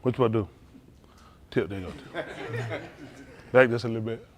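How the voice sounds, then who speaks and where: A man's voice: mid-range voice, normal speed, slight background noise. A middle-aged man preaching a sermon, calling out to the congregation and teasing young listeners. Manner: animated, calls to the congregation, teasing asides.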